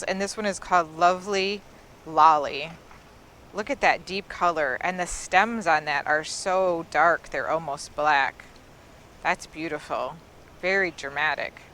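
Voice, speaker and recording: A woman's voice: on the low side, pushed and bright, a little hiss or hum. A woman giving a casual, enthusiastic tour of an outdoor garden, admiring the plants in a chatty way. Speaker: gardening vlogger.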